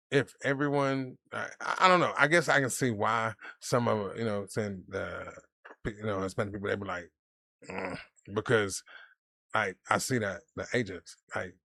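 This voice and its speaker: Male podcast co-host; gravelly, animated storyteller, dry close-miked sound. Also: on the low side, normal speed, no room sound. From American South. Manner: animated storyteller, acts out quotes. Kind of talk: casual podcast chat.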